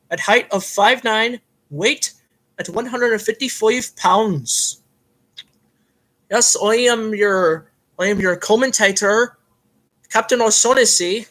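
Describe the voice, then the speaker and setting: Man doing a fake Irish fight commentator, hammy play-by-play, high voice, bright tone, rambling with fillers. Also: rough recording. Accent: put-on Irish, admittedly a bit off.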